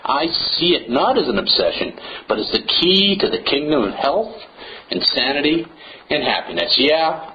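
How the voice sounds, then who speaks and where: A man's voice: fairly high pitch, big pitch swings, normal speed. Playful, wordy American man hosting a podcast. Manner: playful, theatrical, wordy, with swells of emphasis. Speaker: podcast host. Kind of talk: solo podcast monologue. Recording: slightly dull, faint hiss.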